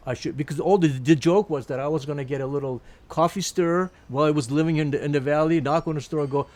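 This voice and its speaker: A man's voice: a little high, steady tone, fast talker, darkish tone. An older man from Turkey, a Turkish native speaker, telling a long rambling anecdote in an interview with many restarts and laughs. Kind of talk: storytelling anecdote.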